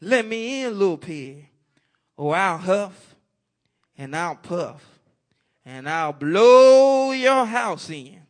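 A man voicing a sly, menacing male wolf in a told storybook, with loud, drawn-out threats. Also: high voice, animated.

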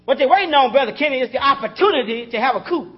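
A man's voice: very high-pitched, animated, racing, dull audio. A man preaching a sermon in a conversational style, calling out to the congregation and chuckling as he talks.

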